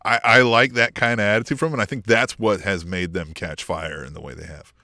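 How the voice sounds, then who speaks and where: Another wrestling podcast co-host, his voice sits on the low side with vocal fry and a bright, forceful tone, his intonation fairly even and his pace a little quick. He keeps it casual and profane, laughing often and imitating the people he quotes, captured in clean studio sound with no echo.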